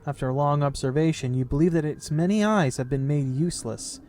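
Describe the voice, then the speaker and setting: A man's voice: fairly high pitch, a little fast, a little mellow, slight background noise. A man reading game text aloud in a casual playthrough, reading steadily and breaking off into casual comments. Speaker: game player and narrator.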